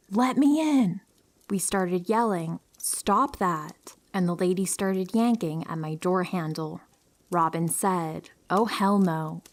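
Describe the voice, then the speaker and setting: Young woman narrator, slightly low voice, soft sleepy horror storytelling. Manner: calm, low-key reading with hushed whispery stretches. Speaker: narrator reading listener stories.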